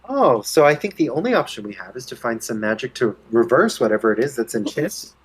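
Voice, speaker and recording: A man's voice: medium pitch, sing-song, brisk, breathy edge, poor audio. Man thinking aloud as a game player. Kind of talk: playing a bard in a tabletop game.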